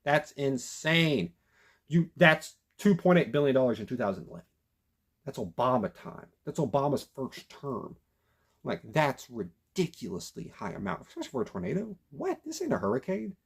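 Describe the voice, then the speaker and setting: A man reviewing a documentary in casual commentary, emphatic and animated, often restarting his sentences. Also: medium pitch, normal speed, breathy edge. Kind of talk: casual commentary retelling a story.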